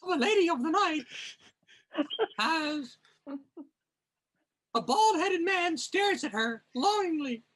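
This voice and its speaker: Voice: extremely high pitch, lively intonation, slow, pauses often, a bit bright, voice pushed up, heavily acted. A performer voicing a cheerful male puppet frog while narrating comic panels in a dramatic reading. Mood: chipper.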